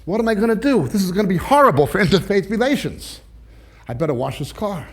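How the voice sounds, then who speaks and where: A man's voice: high-pitched, big pitch swings, quick pace, slightly rough, exaggerated voice. A man voicing a worried neighborly priest who mutters to himself in a told joke. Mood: fretful.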